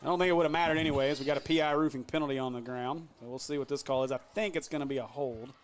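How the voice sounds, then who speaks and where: A man doing play-by-play for a high school football game, joking with his partner and shouting on big plays. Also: fairly even intonation, racing, slight background noise. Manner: jokey, laughs often, shouts big plays. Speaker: play-by-play announcer.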